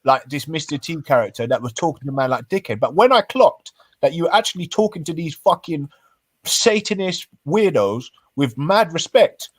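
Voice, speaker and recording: A man's voice: fairly high pitch, animated, moderate pace, no echo. A man arguing heatedly on a live-stream panel, swearing and full of slang. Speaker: panel guest.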